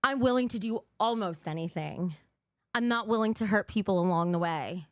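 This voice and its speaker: A woman's voice: mid-range voice, normal speed, no echo, clean studio sound. A young woman streaming live, talking bluntly and cursing as she reads out viewer donations, a little out of breath. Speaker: livestreamer. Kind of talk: casual livestream chat.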